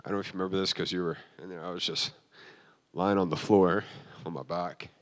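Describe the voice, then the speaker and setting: A man with a fairly low voice preaches a heartfelt personal testimony as a pastor. He talks in an emotional, halting way, restarting phrases and leaning on fillers as he builds toward his point. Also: steady tone. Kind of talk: sermon.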